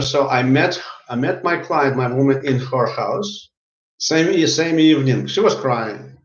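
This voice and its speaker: A man who works as a healer tells a story in casual speech, often repeating and restarting his words. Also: medium pitch. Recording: roomy, dull lo-fi sound.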